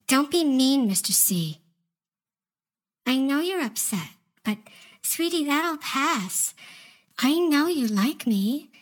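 A woman voicing an obsessive, manipulative young female office intern in an audio role-play monologue, sugary and coy with soft whispered asides. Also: sits high, breathy edge, heavily acted.

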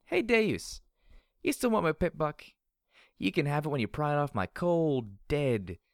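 A man voicing a drunk, giddy young mare who taunts loudly in a read-aloud story. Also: fairly high pitch, expressive, measured pace, gravelly, dry recording, studio quality, pitched above the performer's own voice. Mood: taunting. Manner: loud, taunting and slurred. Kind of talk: audiobook character reading.

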